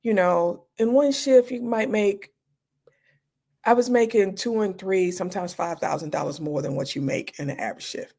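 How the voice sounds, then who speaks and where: Woman ER doctor as interview guest, gravelly fry, lively storyteller who acts out her reactions. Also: mid-range voice, moderate pace. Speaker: emergency room physician, guest.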